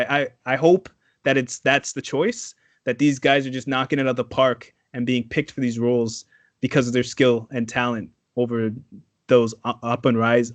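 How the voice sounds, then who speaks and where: A man from Trinidad co-hosting a casual podcast, animated and profane, acting out quotes. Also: medium pitch, no room sound. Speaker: podcast co-host. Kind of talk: casual chat.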